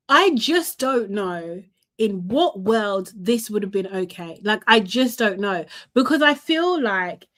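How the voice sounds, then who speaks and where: A woman's voice: medium pitch, a bit bright. A young woman, chatting animatedly through a casual live recap and laughing often. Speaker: reality TV recap host.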